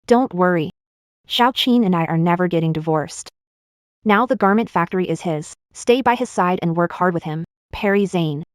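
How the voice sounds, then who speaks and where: Low-voiced young wife, a woman acting. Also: normal speed, dry recording, clean studio sound, close to an everyday voice. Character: determined young wife, firm and defiant. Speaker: young wife in a family drama. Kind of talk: dubbed drama acting.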